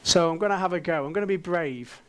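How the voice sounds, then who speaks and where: A man's voice: sits high, fast talker, clean tone. A man from England, giving an interactive keynote talk on a conference stage. He playfully coaxes the audience with questions. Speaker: conference speaker.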